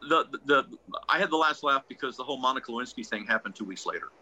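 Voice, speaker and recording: Husky-voiced man, animated storyteller. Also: medium pitch, quick pace, poor audio. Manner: animated storyteller, restarts often, acts out quotes. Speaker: ventriloquist guest. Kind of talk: casual anecdote telling.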